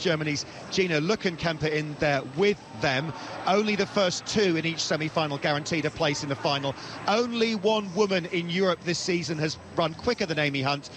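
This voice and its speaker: A man, an athletics commentator, giving a brisk, fact-packed preview of the races ahead. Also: a little high. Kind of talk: live sports preview. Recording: outdoor noise behind the voice.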